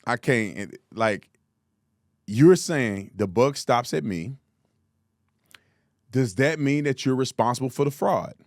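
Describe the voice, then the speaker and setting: A man's voice: mid-range voice, animated, slow, long pauses, darkish tone, dry recording, studio quality. A man hosting a political commentary show, mocking and exasperated, repeating words for emphasis.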